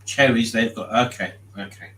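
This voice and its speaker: A man's voice: fairly low pitch, normal speed, sharp tone. A man hosting a live stream, reading chat aloud in a chatty, jokey way and laughing often. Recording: roomy echo.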